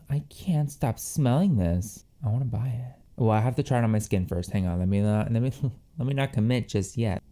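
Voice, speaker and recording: This is a man hosting a fragrance review vlog. He reads scripted perfume notes in an unhurried, mellow voice, then breaks into effusive, theatrical gushing with a lively, swooping pitch.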